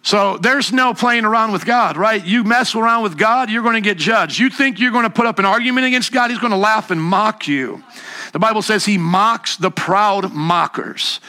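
A man preaching with emphasis, his voice sitting high for a man. The tone is bright and forceful, and he sometimes slips into a mocking higher pitch to mimic scoffers. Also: moderate pace. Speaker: pastor. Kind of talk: sermon.

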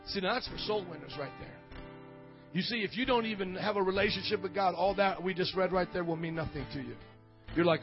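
A man's voice: high voice, a little fast, dull audio, soft background music. Fervent man preaching a sermon. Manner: fervent, rising to shouts. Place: church.

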